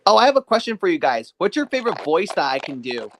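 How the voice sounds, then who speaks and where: A man's voice: high voice, big pitch swings, quick pace, slight background noise. A man from Argentina hosting a live stream, chatting eagerly with friends. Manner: eager, asks questions. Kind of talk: casual chat.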